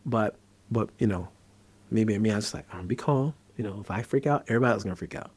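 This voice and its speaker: Low-voiced man explaining casually. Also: racing, slightly rough. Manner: conversational, storytelling, animated when acting out scenes. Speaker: psychiatrist host. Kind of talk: casual educational talk.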